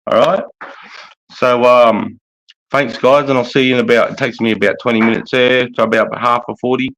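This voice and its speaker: A man's voice: medium pitch, fairly even intonation, brisk, fairly bright tone, rough recording. An Australian man hosting a livestream chat, laid-back, matey and swearing freely. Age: adult with a young son. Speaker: livestream host.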